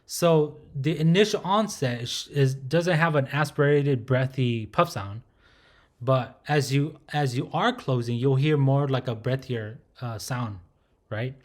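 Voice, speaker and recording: A man at a middle pitch works through a recorded pronunciation lesson. He says each sound slowly and more than once, and he keeps checking in with a quick "right?" His tone stays patient and methodical. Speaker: language teacher.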